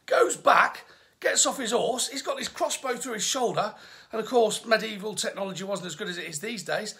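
A middle-aged English man with a Midlands accent chats through history facts on a live stream, cracking jokes and greeting viewers by name. His voice is gravelly, with a bright, forceful edge. He speaks loosely and casually, like a tour guide talking to friends. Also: high voice, moderate pace. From England.

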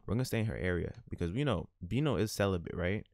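A man's voice: low-pitched, animated, quick pace, darkish tone, no room sound, clean studio sound. A man hosting a gaming channel, giving casual, laid-back, slang-heavy commentary while he plays.

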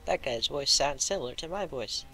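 Bright-voiced young man joking through a game. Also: mid-range voice, animated, moderate pace, vocal fry, soft background music, poor audio. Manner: joking, mutters and whispers asides to himself. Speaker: gameplay commentator. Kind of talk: casual gameplay commentary.

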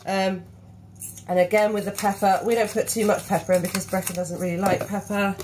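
A woman's voice: mid-range voice, little pitch movement, fairly quick. A woman in her thirties, casually explaining a recipe in her home kitchen while guiding her little boy, filmed on her phone. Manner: chatty, instructive, coaxing a small child. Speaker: parent teaching a recipe. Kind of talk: casual cooking demonstration. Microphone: phone camera held by hand. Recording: noisy home kitchen recording.

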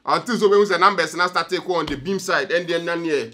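A young Ghanaian man hosting a news reaction vlog, lively and jokey, switching between languages as he talks. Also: a little high, fast talker. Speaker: vlog host.

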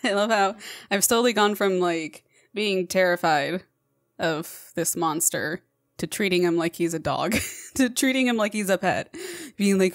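A woman's voice: lowish voice, measured pace, long pauses, dry recording. A woman hosting a let's play, chatting through her gameplay, often laughing and coaxing the game's monster as if it were a pet. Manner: frequent laughter. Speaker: gaming channel host.

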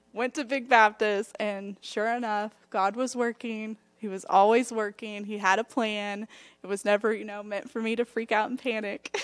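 Young woman, Southern US accent, church testimony, animated storytelling, dry close sound. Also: mid-range voice, moderate pace, no echo. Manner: animated storytelling, acting out quotes, frequent laughs. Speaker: church member giving a testimony. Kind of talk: personal testimony at a church service.

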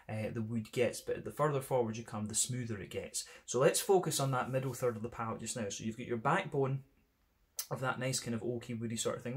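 Rambling Scottish man reviewing beer. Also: mid-range voice. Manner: rambling, meandering with many "kind of" and "sort of" fillers. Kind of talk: casual tasting review monologue.

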